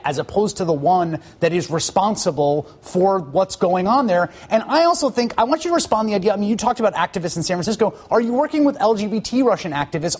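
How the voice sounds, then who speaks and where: Casting: male cable news anchor, husky and a bit high, pressing questions, restarts. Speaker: TV news host.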